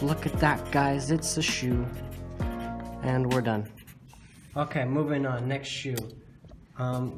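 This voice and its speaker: Man for a chatty art tutorial, self-deprecating, loose and rambling, fillers throughout. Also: mid-range voice. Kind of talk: casual drawing tutorial.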